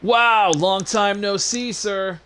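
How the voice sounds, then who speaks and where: A man voicing an eager young male rebel lackey who ends his lines with "sir", in a high excited voice. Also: takes it slowly, smooth, heavily acted.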